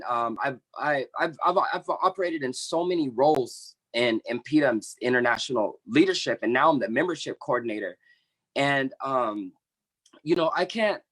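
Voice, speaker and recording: An earnest man in his thirties shares his personal story on an online panel. He speaks with conviction but stops and restarts often. His voice sits at an ordinary mid pitch, heard over a video call. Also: a bit bright. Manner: earnest, impassioned, with halting restarts. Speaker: membership coordinator of an activist group.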